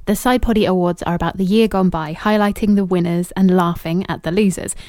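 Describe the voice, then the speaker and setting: A woman's voice: on the low side, fairly even intonation, a little fast, darkish tone, no room sound, studio quality. Playful woman hosting a podcast. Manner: playful, teasing. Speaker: podcast host. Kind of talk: casual chat.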